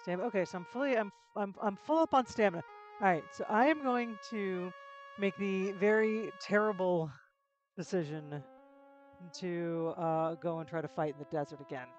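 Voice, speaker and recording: On a game stream, a woman keeps up casual commentary, rambling, talking to herself, chatting with viewers, and frequently restarting. Her voice is on the low side at a normal speed, with lo-fi sound and soft background music.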